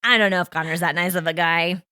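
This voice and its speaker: A woman co-hosting a podcast in casual chat, expressive and reacting loudly with groans and exclamations. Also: lowish voice, quick pace, smooth, no echo, clean studio sound. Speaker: podcast co-host.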